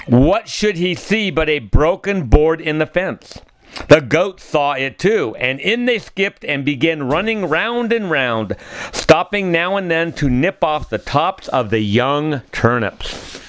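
A man reading a children's bedtime story aloud in a gentle, measured way. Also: fairly high pitch, no room sound.

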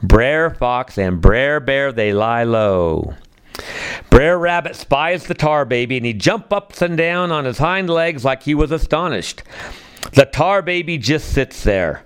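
A man's voice: mid-range voice, expressive, slow pace, clear, resonant tone. A man narrating a storybook in a folksy dialect manner.

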